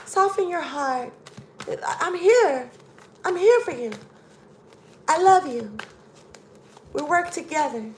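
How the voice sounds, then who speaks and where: A woman mimicking a cloying lover who soothes in a soft, syrupy voice. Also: very high voice, expressive, slow pace, pauses often, a little hiss or hum, voice pushed up, full character voice. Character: cloying sweet-talking lover, falsely soothing.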